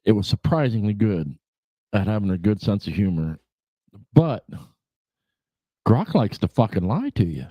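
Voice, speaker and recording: A man's voice: lowish voice, sing-song, a little slow, long pauses, no echo, muffled recording. A man hosting a casual livestream chat show, rambling and laid-back, swearing freely, with lots of "you know" fillers. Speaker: podcast host.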